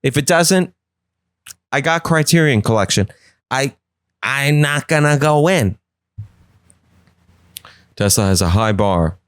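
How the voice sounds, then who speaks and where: A man's voice: medium pitch, expressive, slow, long pauses, clean tone, no echo, clean studio sound. A man hosting a podcast, riffing in a rambling, jokey way. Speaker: podcast host. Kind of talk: casual comedic riffing.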